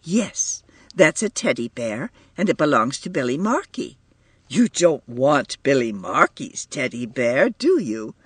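Male narrator as a doting young mother in a storybook: soft, coaxing, a little breathy. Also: very deep voice, sing-song, measured pace, dry recording, exaggerated voice. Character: fond young mother, doting then embarrassed.

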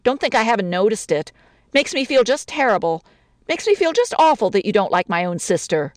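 A touchy young newlywed bride, read by a woman, with a lively, swooping voice. She rattles off quick, sarcastic complaints. The recording is close and dry. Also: medium pitch, no echo, close to an everyday voice. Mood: aggrieved. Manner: wounded, sarcastic, rapid rambling complaints. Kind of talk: dramatic story reading.

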